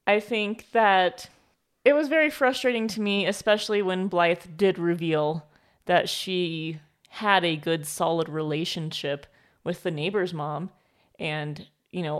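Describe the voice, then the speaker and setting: A woman's voice: fairly low pitch, fairly even intonation, measured pace. A woman co-hosting a casual book podcast, rambling and leaning on filler words as she shares opinions. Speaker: podcast co-host.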